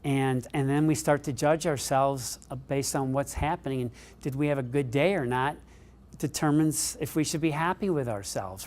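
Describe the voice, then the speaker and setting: A middle-aged man giving a keynote speech, telling a story with animated delivery that lifts in pitch as he gets excited. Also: normal speed. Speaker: keynote speaker.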